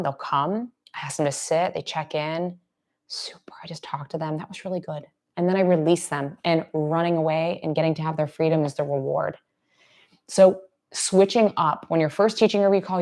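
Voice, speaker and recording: A woman with a notably low voice explains dog training in a relaxed, chatty way during a live Q&A. Now and then she softens almost to a whisper to model gentle praise. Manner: conversational, drops to soft near-whispers to demonstrate praise. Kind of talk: casual live Q&A teaching.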